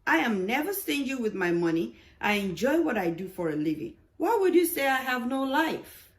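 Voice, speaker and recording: A woman's voice: fairly low pitch, lively intonation, a little slow. A woman voicing a busy, irritable male doctor who answers curtly and defensively. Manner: curt, defensive.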